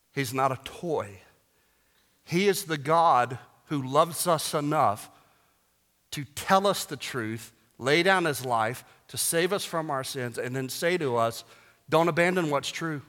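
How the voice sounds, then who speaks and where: Man preaching a sermon, bright forceful tone, emphatic with joking asides, long hall reverb. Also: medium pitch, expressive, slow pace, long pauses. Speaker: pastor.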